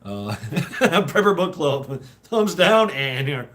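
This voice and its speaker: A Southern man hosts a livestream, talking casually in a rambling, profane way with plenty of laughter. His medium-pitched voice is very animated, slow, and a bit bright.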